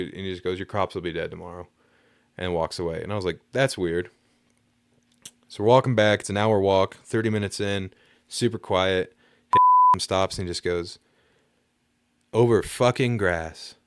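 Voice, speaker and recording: A man's voice: low-pitched, clear, resonant tone, no echo. A young man telling a story in a laid-back, rambling way, with lots of fillers and casual swearing. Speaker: podcast storyteller.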